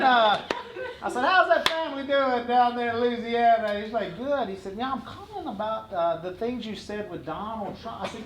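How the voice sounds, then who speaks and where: A middle-aged man telling comic stories on stage as a guest speaker. He talks in an animated way, laughs often and acts out other people's lines. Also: extremely high pitch, a little fast, echoey room, a crowd in the background.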